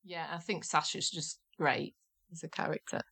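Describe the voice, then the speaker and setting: A woman co-hosts a relaxed podcast in a low voice. She chats agreeably, giving short replies and thoughtful asides. Her tone stays easygoing. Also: moderate pace, gravelly, husky. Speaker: podcast co-host. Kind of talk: casual podcast chat.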